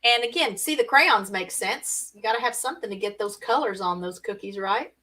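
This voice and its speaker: A woman's voice: medium pitch, a little fast, pushed and bright, distant mic, rough recording. A woman hosting a casual live-stream party game, chatty and laughing often as she reads out viewer comments.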